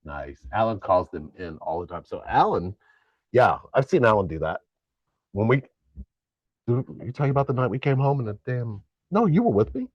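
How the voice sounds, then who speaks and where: A man's voice: lowish voice, lively intonation, normal speed, no room sound, highs cut off. A man co-hosting a casual live spiritual chat stream, laughing often and trailing off mid-thought.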